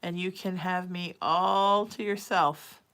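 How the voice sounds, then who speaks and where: Chatty psychic woman, bright voice. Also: lowish voice, steady tone, slow. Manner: chatty, reads viewer texts aloud. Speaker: psychic medium livestream host. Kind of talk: casual livestream chat.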